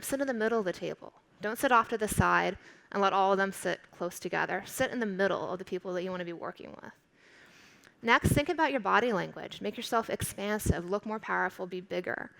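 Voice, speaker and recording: A woman professor giving a conference keynote speech in a clear, instructive and emphatic way. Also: medium pitch, fairly bright tone, poor audio. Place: large conference stage.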